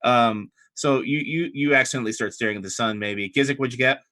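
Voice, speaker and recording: A man narrating as game master of a tabletop game, chatty and relaxed, with frequent fillers. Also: medium pitch, fairly quick, slight background noise.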